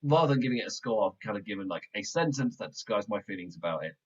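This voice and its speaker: A male podcast host giving a casual, rambling review of a wrestling show, excitable and quick to laugh. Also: fairly low pitch, breathy edge. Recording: muffled lo-fi backup mic audio.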